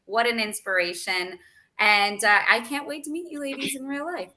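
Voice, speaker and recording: A woman's voice: a little high, fairly even intonation, moderate pace, sharp tone. A woman with a Canadian accent hosting a business summit panel, talking with enthusiasm and a promotional push. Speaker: host.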